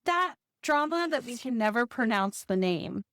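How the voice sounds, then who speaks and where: A woman's voice: on the high side, expressive, moderate pace, a bit bright, no room sound, studio quality. Upbeat woman hosting a podcast. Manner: upbeat, scripted-sounding intro then chatty banter. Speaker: podcast host. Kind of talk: casual podcast chat.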